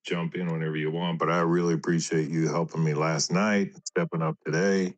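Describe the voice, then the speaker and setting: A man's voice: sits low, little pitch movement, brisk. A man hosting a live audio chat, self-deprecating and laughing easily. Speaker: host of a live audio space. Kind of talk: casual chat.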